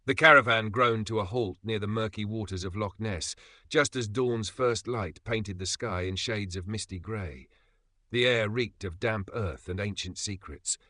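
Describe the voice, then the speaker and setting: A man narrating a storybook tale in the voice of a sarcastic cat, dry and deadpan. His voice sits fairly low yet sounds bright and sharp. The recording is close and dry with no room sound. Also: measured pace, no room sound.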